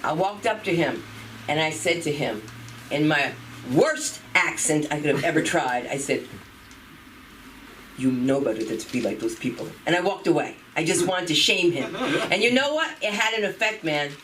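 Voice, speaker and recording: A woman hosting a live comedy show, brash, loose and profane. She sounds set back from the microphone. Steady background noise runs under her voice. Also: sits low, normal speed. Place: comedy venue. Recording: distant mic with noticeable room noise.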